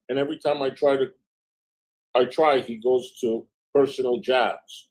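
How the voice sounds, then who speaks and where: Male streamer, middle pitch, sarcastic; reads texts aloud in a chatty commentary style. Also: steady tone, normal speed, a little mellow, rough recording. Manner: sarcastic, snarky asides. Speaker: livestream host. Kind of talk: casual commentary, reading out text messages.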